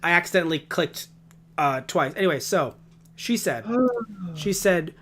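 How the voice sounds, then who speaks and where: A man's voice: a little high, moderate pace, long pauses, a bit bright. A man co-hosting a casual podcast, rambling and ranting with heavy swearing. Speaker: podcast co-host.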